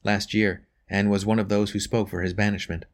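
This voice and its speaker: A man voicing a quiet, gentle young woman in a storybook reading, lifting his pitch a little. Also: flat delivery, a little fast, natural voice.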